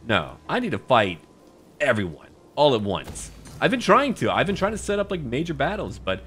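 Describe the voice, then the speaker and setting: A man's pitch swoops wildly as he boasts and jokes through a roleplay strategy game campaign, ridiculing the enemy for his gaming YouTube audience. His medium-pitched voice is a bit bright, at normal speed, with slight background noise.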